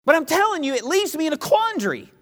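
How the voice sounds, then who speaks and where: A man preaching a sermon, emphatic and repetitive, swinging between loud pleas and hushed lines. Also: very high voice, very animated, quick pace, long reverb tail.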